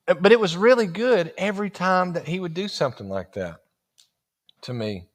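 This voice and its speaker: A man's voice: high voice, animated, normal speed. Folksy man preaching with humor. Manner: folksy, humorous, laughs through his stories. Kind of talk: storytelling sermon.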